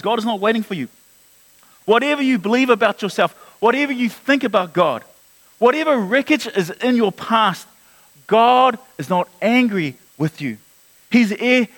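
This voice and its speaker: A man preaching a sermon, earnest, with frequent repeated words and swings between loud rises and soft low drops. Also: low-quality recording. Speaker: pastor.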